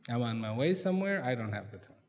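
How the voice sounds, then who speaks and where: A man voicing a calm, unhurried wise man who speaks quietly and low. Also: close to an everyday voice. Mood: dismissive. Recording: long hall reverb.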